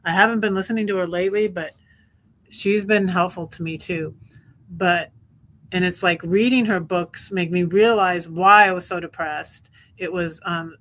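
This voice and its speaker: A woman's voice: lowish voice, steady tone, normal speed, a bit bright. Rambling, emphatic middle-aged woman livestreamer. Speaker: livestream host. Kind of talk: casual live-stream monologue.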